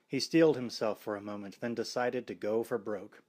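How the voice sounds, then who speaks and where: Wry, expressive male audiobook narrator. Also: on the low side, moderate pace. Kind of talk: scripted horror novel narration.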